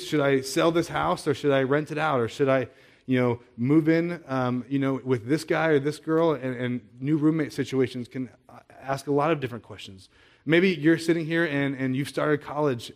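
A man preaching a sermon as a pastor, talking in a conversational way, asking many rhetorical questions and often repeating words as he restarts. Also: mid-range voice.

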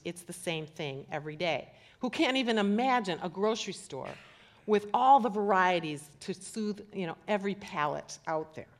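Middle-aged woman pastor, lively sermon delivery, playful asides. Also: fairly low pitch. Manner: animated, acts out scripture voices. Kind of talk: sermon with scripture reading.

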